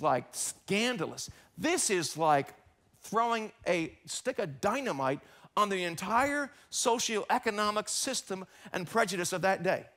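A middle-aged male pastor preaching a sermon in a church, animated and acting out quoted coworkers in short voices. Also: high voice.

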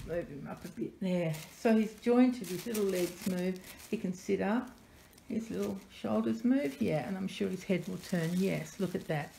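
A woman unboxing a parcel on camera as a doll collector vlogger, gushing and softly delighted, often dropping to breathy whispers. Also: medium pitch. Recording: echoey room with faint noise.

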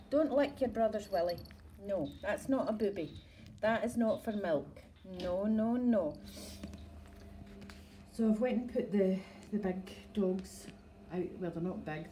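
A middle-aged Scottish woman who breeds dogs chats casually into her phone on a livestream from indoors at home, rambling and laughing a lot. Her medium-pitched voice is mellow, and the poor audio carries a little hiss or hum.

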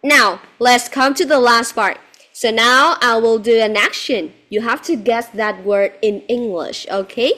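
High-voiced, slow teacher. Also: female voice, bright, forceful tone. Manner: patient, repetitive yes-no questioning; mixes in Vietnamese phrases. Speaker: English teacher. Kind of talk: one-on-one English lesson with a child.

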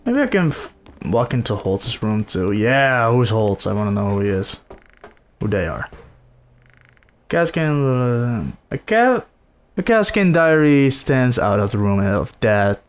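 Excitable swearing gamer man. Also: mid-range voice, unhurried. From Netherlands. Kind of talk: casual gameplay commentary.

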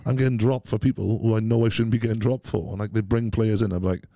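Welsh man, very deep and dark-toned, rapid-fire rambling anecdotes, blunt and self-questioning; guest in a casual chat. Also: steady tone, vocal fry, dry recording, studio quality. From Wales. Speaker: podcast guest. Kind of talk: casual interview storytelling.

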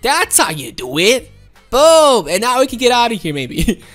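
High, lively woman coaxing her teammates. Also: moderate pace, faint music behind. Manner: playful, coaxing teammates, laughs often. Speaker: gaming commentator. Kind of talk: casual gameplay commentary.

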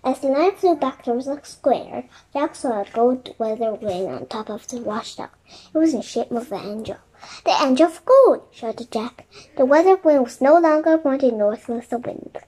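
High-voiced woman narrating a kids' chapter book aloud, gentle and quiet. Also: animated, normal speed, poor audio. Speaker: storybook reader.

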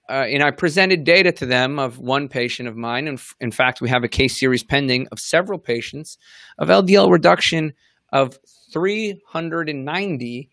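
A man's voice: fairly high pitch, vocal fry, a bit bright, no room sound. Host guy telling a story, lots of uhs, dry close mic. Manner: storytelling, hesitant with many fillers. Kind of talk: casual chat.

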